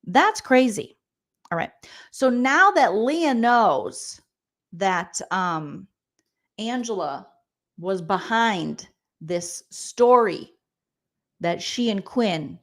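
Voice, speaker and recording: A woman in her forties hosting a casual comedic recap of a reality show, reading viewer comments and making quick, joking asides. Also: mid-range voice, animated. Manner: chatty, jokey, quick asides and mock voices.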